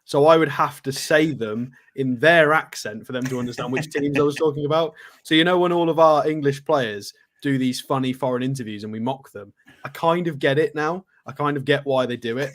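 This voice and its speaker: A man's voice: medium pitch, brisk, a bit bright. Chatty male co-host. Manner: chatty, gives match scores and tells anecdotes. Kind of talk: casual live stream chat.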